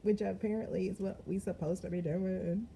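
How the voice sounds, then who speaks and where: Heavy background noise surrounds a woman's gravelly, mid-range voice as she does a casual tarot reading at a moderate pace with fairly even intonation. She's a parent of young kids who chats with viewers, calls them "y'all," and laughs often.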